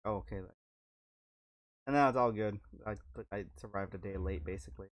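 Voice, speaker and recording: Male streamer, casual livestream chat, rambling and joking, stammering restarts, lowish voice, dry close mic. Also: fairly quick, no echo.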